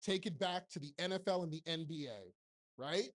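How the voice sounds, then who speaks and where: A man's voice: fairly high pitch, lively intonation, normal speed, a bit bright. A man in his forties giving a blunt, joking motivational talk on stage to a live audience, speaking into a handheld microphone and firing off rhetorical questions. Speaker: keynote speaker and TV producer.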